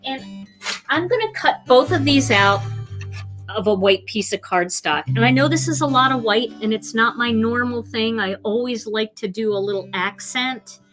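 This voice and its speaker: A woman's voice: a little high, moderate pace, fairly bright tone, soft background music. A woman hosting a live card-making demonstration, chatty and gushing with enthusiasm as she works.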